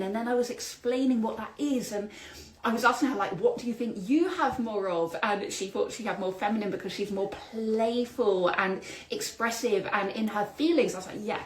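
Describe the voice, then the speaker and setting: A woman hosting a solo podcast, telling a story in an animated, exclamatory way with spiritual vocabulary. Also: a little high, echoey room, poor audio. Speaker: podcast host.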